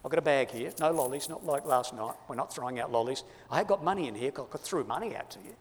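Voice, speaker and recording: A man's voice: medium pitch, fast, a little hiss or hum. An Australian man giving a playful, teasing talk to a live audience in a large hall. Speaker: speaker giving a presentation. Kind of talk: lively audience-participation talk. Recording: long hall reverb.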